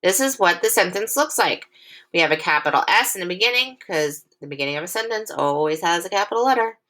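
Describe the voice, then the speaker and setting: A young woman teacher with a bright, clear voice walks young children through a recorded phonics lesson. She speaks patiently and encouragingly, and slows way down to read the sample sentences with expression. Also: fairly low pitch, expressive. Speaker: elementary school teacher.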